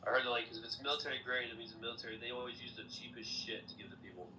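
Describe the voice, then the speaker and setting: Brief: quick, bright male voice, eager trivia-sharer, casual podcast chat, dull lo-fi sound. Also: mid-range voice, steady tone, a little hiss or hum.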